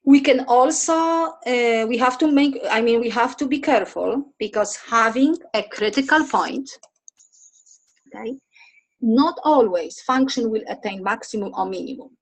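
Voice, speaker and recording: Husky-voiced woman teaching math. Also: fairly high pitch, unhurried, poor audio. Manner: talks through steps, asks students questions. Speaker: math lecturer. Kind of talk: recorded lecture over slides.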